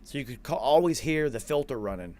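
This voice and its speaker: This podcast host, a man in his forties, tells a long, meandering story packed with swearing and little quoted asides, acting out his own lines. His medium-pitched voice moves a bit quickly through the casual, animated tale.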